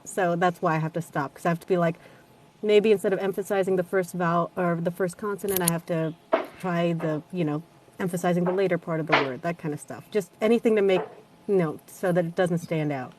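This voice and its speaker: A woman audiobook narrator chatting as a guest with a somewhat low voice, loose and chatty. She laughs easily and drops a casual swear now and then. A faint hiss sits under her voice. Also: a little fast, darkish tone. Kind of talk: casual chat.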